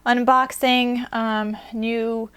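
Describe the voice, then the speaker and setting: A woman's voice: fairly high pitch, level tone, drawn-out words, a bit bright, smooth. A young woman vlogger chatting casually and gushing while unboxing craft gifts at her desk at home, a little out of breath. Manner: chatty, gushing, many fillers.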